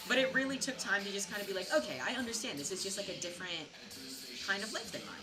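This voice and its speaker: A woman's voice: medium pitch, fast, music in the background. A young American woman streaming a game while tipsy, rambling through a story in a casual, filler-heavy way. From United States. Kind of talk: casual gaming stream chat. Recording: distant mic with background noise.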